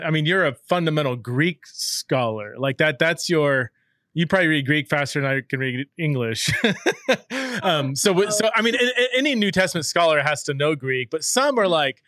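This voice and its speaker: A man's voice: fairly high pitch, sharp tone, no echo, clean studio sound. A man hosting a podcast interview, asking casual, rambling questions. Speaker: podcast host.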